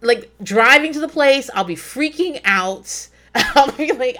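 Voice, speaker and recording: A woman chatting casually on a podcast, her pitch leaping all over the place as she tells the story. She swears freely and laughs a lot. She acts out her own inner voice as she talks. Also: animated, a little slow, hardly any pauses, fairly bright tone. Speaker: podcast co-host. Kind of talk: casual chat.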